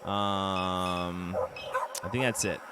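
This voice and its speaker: A man's voice: deep voice, steady tone, drawn-out words, very noisy. Wry man reading a game aloud. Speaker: streamer. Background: game music.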